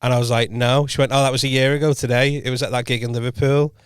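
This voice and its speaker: A man's voice: mid-range voice, level tone, fast talker, smooth, dry recording. Man rambling through an anecdote, dry mic. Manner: rambling anecdote, frequent self-corrections and quoted dialogue. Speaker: podcast co-host and comedian. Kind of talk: casual storytelling chat. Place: podcast studio.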